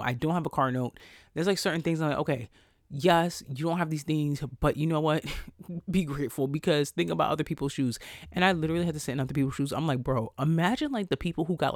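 A young man hosting a podcast, telling a story in a casual, animated, profane way with sassy quoted asides. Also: on the high side, no echo, studio quality. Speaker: podcast host. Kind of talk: casual solo podcast talk.

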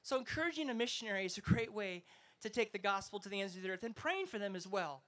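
A man's voice: high-pitched, lively intonation, fast, fairly bright tone. A man preaching an emphatic sermon, telling stories and rousing his listeners. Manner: emphatic, rousing, storytelling delivery. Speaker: evangelist preacher. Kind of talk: festival sermon.

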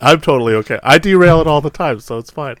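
A man co-hosting a casual film podcast, talking excitedly, with lots of laughs and fillers. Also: fairly high pitch, fast talker, no echo. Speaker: podcast co-host. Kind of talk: casual chat about a film.

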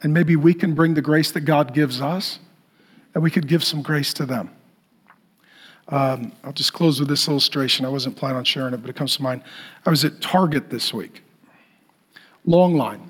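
High-voiced man preaching with emphasis. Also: moderate pace, pauses often, husky. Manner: emphatic, repetitive preaching that swings from loud to hushed. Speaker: pastor. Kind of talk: sermon.

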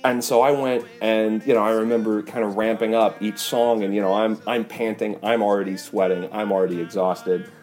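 Low-voiced man telling a tour story. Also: moderate pace, few pauses, faint music behind. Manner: animated, breathless retelling with many fillers. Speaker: touring fiddle player. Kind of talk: casual storytelling.

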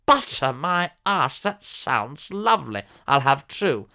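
A man's voice: mid-range voice, very animated, takes it slowly, gravelly, sharp tone, heavily acted. A man voicing a pompous elderly former soap actor, telling a fussy, theatrical comic story. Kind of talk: comic character monologue.

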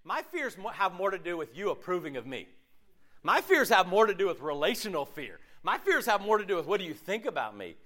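A man preaching a sermon as pastor, in a conversational, animated way with frequent laughter. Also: high-pitched, fairly quick.

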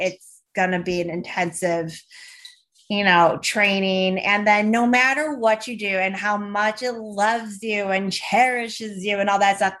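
A young woman chatting as a podcast guest, animated and blunt, swearing and peppering her talk with fillers. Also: mid-range voice. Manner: animated, swearing, filler-heavy, acts out voices. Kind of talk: casual podcast chat.

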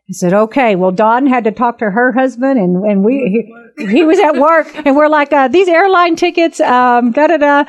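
An earnest woman in her fifties gives her personal testimony as a minister. Her voice sits fairly high, and she talks emphatically and animatedly as she retells events. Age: 50s.

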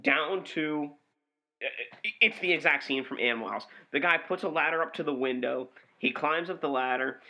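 A man's voice: on the high side, moderate pace, sharp tone. A man co-hosting a movie review podcast, swearing freely and ranting with exasperation in casual chat.

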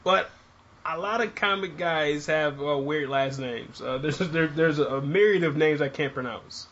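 A man's voice: a little high, unhurried, a bit bright, muffled recording. A man hosting a casual interview, asking curious questions and swearing offhand. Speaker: interviewer, podcast host.

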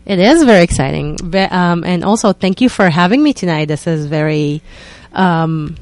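An Israeli woman in her thirties speaks in a somewhat low voice. She is a radio interview guest who explains things earnestly and pauses often to find her words. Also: darkish tone, dry recording. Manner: earnest and explanatory, with frequent hesitations.

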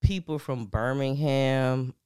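A woman's voice: extremely low pitch, steady tone, slow pace, a little mellow, smooth, no echo, clean studio sound. A woman hosting a podcast in a casual, laid-back chat, slangy and full of fillers. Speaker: podcast host.

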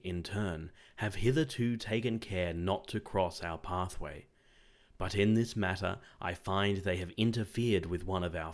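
A grave, stern immortal lord of the forests, as a male reader plays him, speaking with calm, measured authority in a low voice.

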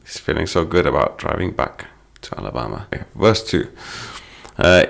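Deep gravelly guy explaining song lyrics to english learners, patient, low-key. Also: animated, normal speed, a bit bright. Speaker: English teacher.

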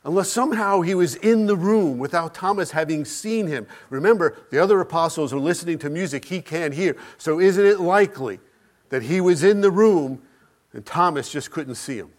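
A man preaching a sermon, building with repeated phrases, rhetorical questions and dramatic pauses. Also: a little high.

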